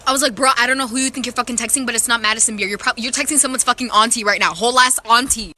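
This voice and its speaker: A woman tells a funny story in lively slang and swears freely. Her voice is high and bright. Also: racing. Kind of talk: casual storytelling.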